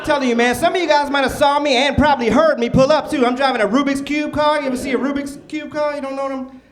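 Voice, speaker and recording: A man performing a stand-up comedy set in a club, loud and animated with the crowd. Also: very high voice, fast talker. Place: comedy club stage before a live audience. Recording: noisy club recording with crowd. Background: audience laughter and cheering.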